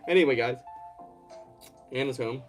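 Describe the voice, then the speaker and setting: Streaming from his home, a Georgia man talks loosely and at length, picking up viewers' chat questions and responding. He speaks at a moderate pace in a medium-pitched voice, with soft music in the background.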